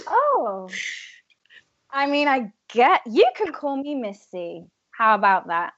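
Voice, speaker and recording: A woman voicing a sly, glamorous woman with a magic cane in a tabletop game, talking in a smooth, teasing, theatrical manner. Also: fairly high pitch, very animated, takes it slowly, a bit bright, no room sound, highs cut off, heavily acted.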